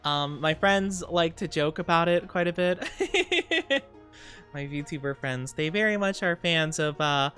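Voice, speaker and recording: A woman's voice: low voice, normal speed, few pauses, fairly bright tone, faint music behind. A young woman streaming casually, chatting with viewers in a bubbly, giggly way with cutesy slang. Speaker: VTuber streamer. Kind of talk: casual live-stream chat, greeting viewers.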